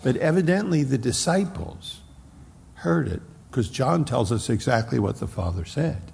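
A man preaching an expository sermon, slowing down and stressing key words as he explains a Bible passage. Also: mid-range voice, lively intonation, creaky, darkish tone, in a large hall, slight background noise. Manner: slow deliberate Bible exposition with emphatic stresses.

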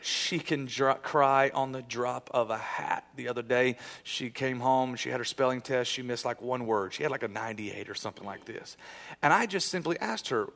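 A man in his thirties preaching a sermon, telling stories in an animated way and building to emphatic, loud bursts. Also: medium pitch, normal speed, creaky. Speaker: pastor.

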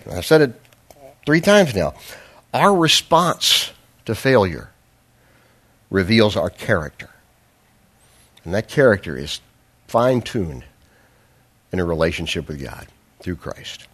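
A man's voice: fairly low pitch, big pitch swings, unhurried, long pauses, a bit bright. A man preaching a sermon as a pastor, telling a self-deprecating personal story with humor, then pressing his point with earnest, fervent emphasis.

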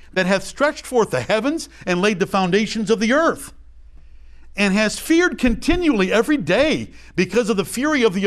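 A man's voice: high-pitched, a bit bright. A man leading a verse-by-verse Bible study, reading old scripture aloud and then explaining it in plain everyday talk, acting out small examples as he goes. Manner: acts out little voices and examples. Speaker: Bible teacher.

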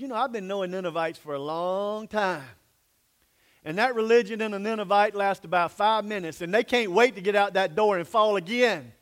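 A man preaching a sermon, acting out voices and swinging from hushed asides to loud outbursts. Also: high voice. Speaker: pastor.

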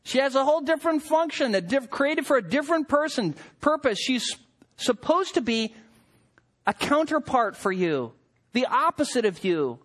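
Animated, joking male preacher. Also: very high voice, moderate pace. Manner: humorous, animated storytelling. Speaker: pastor. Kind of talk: sermon.

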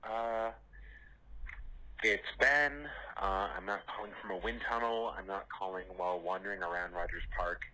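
Guy calling in a voicemail, deepish voice, hissy phone line. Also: steady tone, pushed and bright. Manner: halting, filler-heavy. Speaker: caller. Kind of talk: voicemail message.

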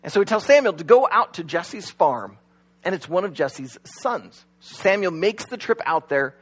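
A man's voice: sits high, sing-song, normal speed, fairly bright tone, breathy edge. A man preaching a sermon as pastor, talking in a conversational way and telling stories with acted-out quotes.

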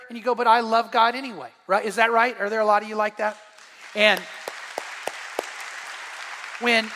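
A man's voice: sits high, bright, forceful tone. A middle-aged man preaching a sermon as pastor, earnest and building to fervent emphasis. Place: church sanctuary. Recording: long echo of a large church hall.

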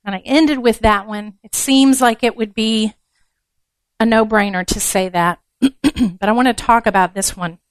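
Frank, high-voiced woman preaching. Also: measured pace, smooth, no echo. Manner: frank and down-to-earth, with blunt humor. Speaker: speaker at a women's gathering. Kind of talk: conversational sermon.

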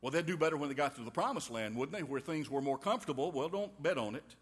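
A man preaching in a folksy, wry style, tossing in homey quips as he goes. His voice sits a little high for a man, and it rings out with the long reverb of a large hall. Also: animated, quick pace, husky. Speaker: pastor. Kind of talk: sermon.

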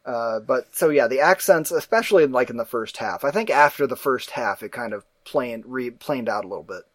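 A man chatting casually about a film he watched, rambling, animated and quick to act out his own confused reactions. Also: mid-range voice, no room sound, clean studio sound. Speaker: movie reviewer. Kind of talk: casual movie review chat.

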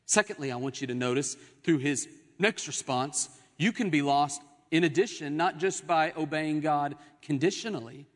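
A young adult man preaching a sermon as pastor, with emphatic rises and dramatic pauses. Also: a little high. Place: church sanctuary. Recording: long hall reverb.

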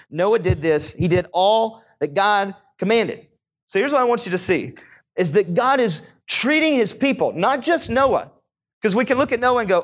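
A man's voice: a little high, lively intonation, moderate pace, muffled recording. A male pastor preaching a sermon in a chatty style, with joking asides between Bible readings.

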